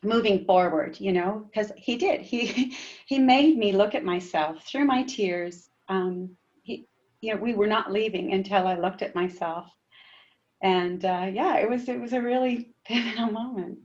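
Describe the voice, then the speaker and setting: A woman's voice: medium pitch, unhurried, darkish tone, dull audio. A middle-aged woman, a guest on a podcast, telling her story candidly and earnestly. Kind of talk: casual podcast interview.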